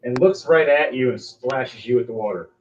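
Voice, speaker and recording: A man narrating a tabletop game as game master, animated and quick to slip into character voices. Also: mid-range voice, echoey room, recorded from a distance, a little hiss or hum. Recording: dull lo-fi sound, mic set back.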